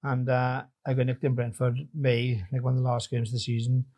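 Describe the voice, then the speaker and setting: A man's voice: medium pitch, flat delivery, fairly quick, a little mellow. A middle-aged man telling stories as a guest in a casual chat. He swears freely and trails off mid-sentence.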